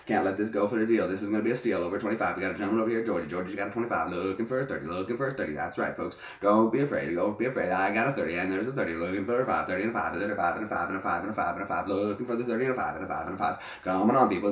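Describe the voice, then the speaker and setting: A man putting on a fast-chanting auctioneer, rattling off bids in a rolling patter. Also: on the low side, close to an everyday voice. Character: fast-chanting livestock-style male auctioneer. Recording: echoey room.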